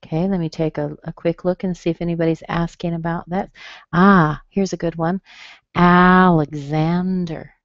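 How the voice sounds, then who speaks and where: Lady teaching pronunciation online, slow careful syllables, kinda dull dry audio. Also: fairly low pitch, level tone, no echo. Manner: slow, careful, over-enunciated demonstrations of stress. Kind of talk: webinar lesson.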